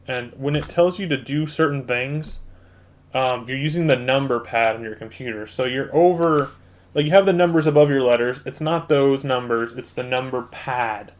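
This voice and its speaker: At his home computer, a gaming channel host runs a relaxed let's-play, explaining the controls and addressing viewers as "guys" in an easygoing, chatty way. His voice is mid-range, and keyboard clicks can be heard behind it.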